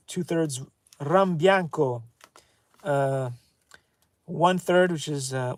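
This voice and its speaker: A man reads cocktail recipes aloud with a fairly high voice, tripping over the words and correcting himself as he goes. He slows down to sound out foreign terms between his ums. The recording is dry and close, with no room sound. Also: darkish tone, dry recording. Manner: reads recipes haltingly, with fillers and self-corrections. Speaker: comedy channel host. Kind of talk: casual reading of a cocktail book aloud.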